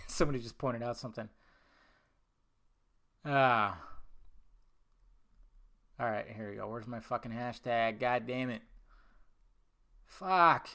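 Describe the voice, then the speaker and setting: A man's voice: medium pitch, takes it slowly, pauses often, pushed and bright. A man hosting a solo podcast, ranting heatedly and swearing a lot. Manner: heated, swearing, emphatic rants. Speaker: podcast host.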